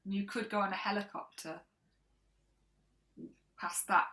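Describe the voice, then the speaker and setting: A woman's voice: mid-range voice, little pitch movement, unhurried, pushed and bright, rough recording. A woman co-hosting a casual chat, laughing often and trailing off mid-sentence. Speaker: co-host.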